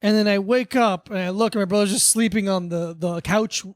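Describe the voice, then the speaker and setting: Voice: mid-range voice, fairly quick, no echo, studio quality. A podcast co-host from Florida, telling a childhood story in loose casual chat full of "like". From Hollywood, Florida, US. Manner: loose, rambling with many "like"s.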